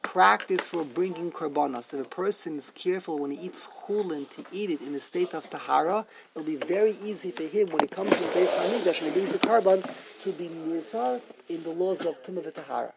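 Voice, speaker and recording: A man's voice: fairly high pitch, brisk, gravelly, background noise. A man giving a Talmud class lecture, explaining emphatically and repeating himself, mixing Yiddish and Hebrew terms. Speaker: Talmud teacher.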